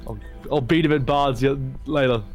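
A man jokes around at a tabletop game, tripping over a word here and there. He has a middle-pitched voice, and faint music plays behind him. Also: normal speed. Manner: playful, stammering. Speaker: player. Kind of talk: casual tabletop game chat.

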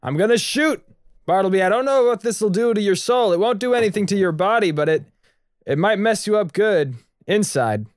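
A man voicing a brash male hunter who shouts warnings in a raised, urgent voice. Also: high-pitched, lively intonation, normal speed, voice pushed up. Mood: shouting. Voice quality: loud, urgent.

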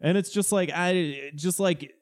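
A man's voice: sits high, measured pace. A man co-hosting a casual comedy chat, rambling and sarcastic with lots of filler words. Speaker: podcast co-host.

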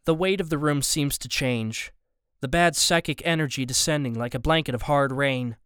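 A man narrating a first-person story as an audiobook narrator, steady and even. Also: fairly high pitch, normal speed, smooth, dry recording, clean studio sound.

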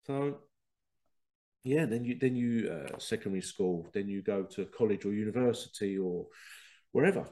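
A man's voice: on the low side, normal speed, dark tone. A man hosting a spiritual self-help podcast, talking emphatically and slipping into voices of other people. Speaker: podcast host.

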